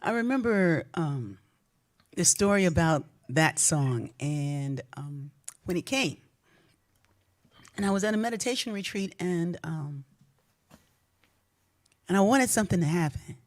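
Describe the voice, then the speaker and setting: A woman's voice: on the low side, animated. A woman hosting a livestream who sings spiritual songs and then tells reflective stories in a casual way. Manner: slow, reflective, drawn-out phrasing. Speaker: singer and livestream host. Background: instrumental music.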